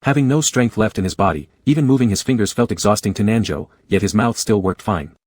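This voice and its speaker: A man giving an even, unhurried scripted narration of a romance story. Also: fairly low pitch, dry recording.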